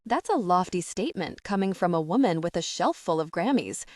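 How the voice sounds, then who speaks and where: A woman narrating a first-person romance audiobook in an intimate, unhurried way. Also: lowish voice, animated, darkish tone, no echo, studio quality.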